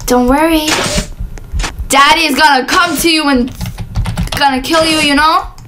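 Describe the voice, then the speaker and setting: A woman voicing a playful, taunting killer who hunts children in a game, shouting mock threats over loud keyboard clicks. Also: high voice, fairly even intonation, unhurried, background noise.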